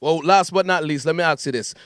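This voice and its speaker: A Jamaican man hosting a radio interview, speaking quickly in a fairly high, smooth voice. He asks his questions by telling chatty stories. The sound is close and dry. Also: fairly bright tone, no echo. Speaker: radio host. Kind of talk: casual interview.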